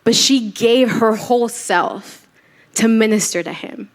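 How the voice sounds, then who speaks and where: A woman's voice: a little high, a little slow. A woman preaching a church sermon, telling a story casually and acting out the quoted voices. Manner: conversational storytelling, acts out quotes.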